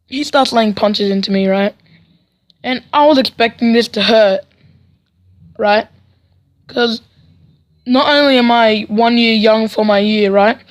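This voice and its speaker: Sarcastic teenage boy vlogger. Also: high-pitched. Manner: rambling, sarcastic, frequent "right?" asides. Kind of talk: storytime vlog.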